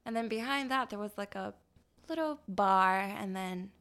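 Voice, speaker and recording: A woman speaking at an ordinary middle pitch, recounting a story as a guest on a casual podcast. She talks in a loose, chatty way, trails off and restarts, and laughs easily as she goes. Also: moderate pace, fairly bright tone, smooth.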